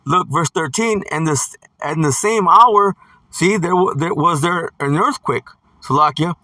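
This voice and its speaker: Emphatic man preaching, slightly high voice. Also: a little slow, sharp tone, dry recording, distant mic. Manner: emphatic, punctuates with "see" and "man". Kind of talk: scripture teaching sermon.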